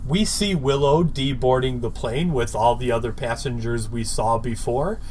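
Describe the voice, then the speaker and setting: A man's voice: medium pitch, normal speed, darkish tone, slight background noise. A man co-hosting a podcast, casually recapping the plot in an easygoing, wry way. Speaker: podcast co-host.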